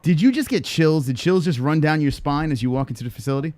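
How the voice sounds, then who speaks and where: A man hosting a casual interview, excitable and hyping up his guest. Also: fairly high pitch, fast talker, dry recording. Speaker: podcast host.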